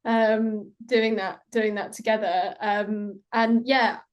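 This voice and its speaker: A woman's voice: medium pitch, flat delivery, slow, dull audio. A woman, an actress guest, chatting casually in an interview, telling stories with lots of fillers. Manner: giggly, chatty storytelling with many fillers.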